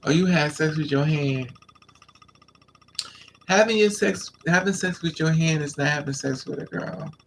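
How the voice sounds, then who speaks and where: A flamboyant man chats with his live audience in a fairly high, gravelly voice. He talks with sass, leaps into squeals and laughs, and drawls out his asides. Faint noise hums under the recording. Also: normal speed, pauses often. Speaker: live stream host. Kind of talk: casual storytelling to live chat.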